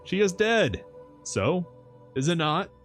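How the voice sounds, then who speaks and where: A man's voice: sits high, sing-song, slow pace, fairly bright tone, faint music behind, voice pushed up, heavily acted. A man voicing an old, grieving male professor who rambles in archaic, broken-English phrasing. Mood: reflective.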